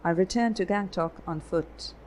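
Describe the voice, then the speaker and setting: A woman voicing a calm, guarded photographer raised in Germany, telling his past in a measured way. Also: lowish voice, slight background noise, natural voice, poor audio. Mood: earnest. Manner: measured, explanatory storytelling.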